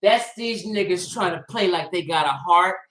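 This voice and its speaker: A man hosting a livestream, ranting bluntly and profanely, swinging between loud outbursts and low muttering. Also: normal speed. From Los Angeles. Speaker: livestream host. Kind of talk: livestream commentary rant.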